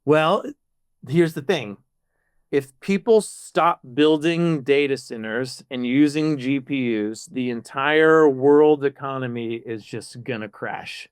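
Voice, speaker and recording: Animated man explaining on a podcast. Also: medium pitch, slow pace, smooth, no echo, clean studio sound. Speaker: podcast guest, product manager. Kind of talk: casual podcast chat.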